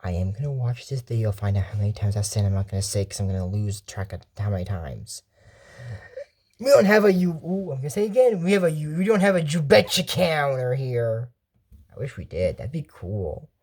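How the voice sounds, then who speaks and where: A woman rambles through casual commentary on a cartoon episode, wandering off on tangents. She often stops and corrects herself mid-sentence. Her voice sits low but rises and falls in lively swings. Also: brisk, breathy edge. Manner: rambling, digressive, self-correcting. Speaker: channel host reviewing a cartoon.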